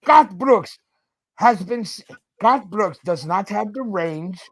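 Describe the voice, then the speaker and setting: A man's voice: high voice, animated, slow, husky. A man in his fifties, a podcast host, ranting in a casual chat, swearing and tagging his points with "okay?".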